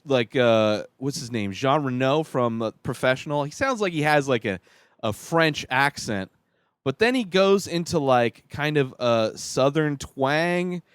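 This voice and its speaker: A man hosting a podcast, giving a rambling, halting and exasperated movie review with many restarts. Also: fairly high pitch, fairly bright tone, clean tone, no room sound, clean studio sound. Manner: exasperated, critical. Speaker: podcast host reviewing a film. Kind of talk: casual spoken movie review.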